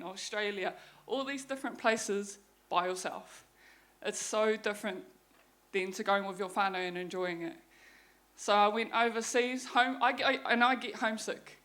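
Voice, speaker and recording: A young New Zealand woman, her voice mid-pitched and slightly bright, is a guest speaker sharing her story. She gives a candid personal testimony, speaking frankly and swearing freely as she goes.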